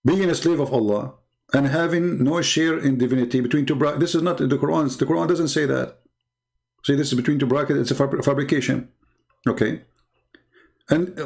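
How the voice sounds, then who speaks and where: In his monologue commentary, a man hosting a show mocks and jeers, firing off heated rhetorical questions. He speaks a little fast in a high-leaning, gravelly voice with a darkish tone.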